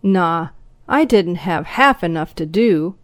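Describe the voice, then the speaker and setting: A woman's voice: on the low side, animated, slow pace, no room sound, studio quality. A woman doing a jittery, lonesome young man. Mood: uneasy. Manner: timid, stammering and plaintive. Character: lonely, jittery young male still-tender.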